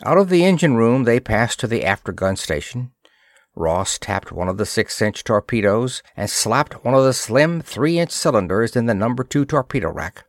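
A male narrator reads an old pulp adventure story with a steady, even delivery. His voice sits at an ordinary pitch, recorded dry and close with no room sound. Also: normal speed, no room sound. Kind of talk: scripted narration of a pulp science-fiction story.

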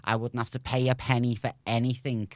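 A man's voice: mid-range voice, flat delivery, fairly quick, a little mellow, no echo, highs cut off. A young man from Liverpool with a Scouse accent, a former radio presenter chatting as an interview guest and laughing often. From Liverpool, England. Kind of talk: casual interview chat.

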